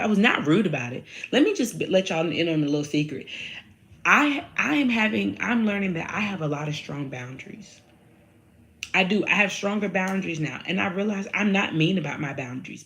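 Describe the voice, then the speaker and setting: A woman with a low, deep-set voice speaks straight to her viewers. She is blunt and profane, slips into slang and repeats her points again and again until they land. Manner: addresses viewers directly, slangy. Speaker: vlogger. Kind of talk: candid monologue to camera.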